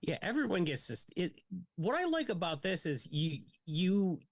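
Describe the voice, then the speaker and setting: Brief: male co-host with a Pittsburgh accent, playful, fairly high and lively voice. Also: moderate pace, no room sound, clean studio sound. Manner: playful, joking, tells stories. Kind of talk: casual chat while streaming.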